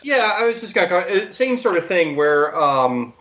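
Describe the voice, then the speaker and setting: A man who is a Messianic rabbi, speaking in a halting way with many fillers as a guest on a talk panel. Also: high voice, sing-song, fairly bright tone, dull audio. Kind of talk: casual panel chat.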